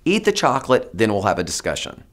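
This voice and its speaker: A man's voice: fairly low pitch, huge pitch swings, fast. A man mimicking a fussy toddler. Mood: whiny. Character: fussy toddler boy refusing broccoli.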